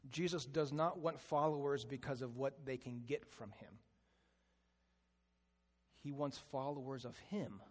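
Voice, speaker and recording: A man preaching a sermon as a pastor. He slows down and drops to a hushed voice on key phrases. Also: mid-range voice. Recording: long hall reverb.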